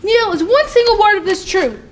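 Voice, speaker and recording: A very high-pitched, dramatic young woman who answers everything with sharp suspicion, as a young actress plays her on stage. Her voice is bright and piercing, with a faint hiss of noise behind it. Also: animated, normal speed. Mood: exasperated. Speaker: stage actor. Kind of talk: live stage play acting.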